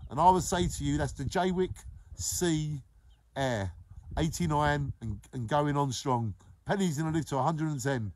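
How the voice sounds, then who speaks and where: A man, hosting a daily live show and warmly giving repeated shout-outs to viewers by name. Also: on the high side, normal speed, rough recording. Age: 40s. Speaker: live-stream host.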